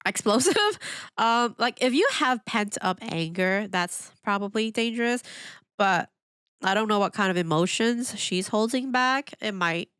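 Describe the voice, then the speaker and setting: A woman hosting a reaction video in casual commentary, animated and exclamatory, laughing often and asking lots of questions. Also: medium pitch, unhurried, smooth, dry recording, clean studio sound. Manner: asks rhetorical questions.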